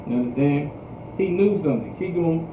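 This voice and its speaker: A man with a fairly high pitch preaches to a scripture class at a fairly quick clip, recorded from a distance. His style is repetitive call-and-response, with "you understand?" coming up often as students reply, and the livestream sound is echoey, phone-like, and noisy.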